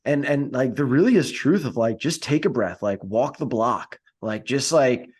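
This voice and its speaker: A man co-hosting a podcast in casual chat, speaking haltingly and with many fillers. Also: mid-range voice, animated, darkish tone, slightly rough. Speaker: podcast co-host.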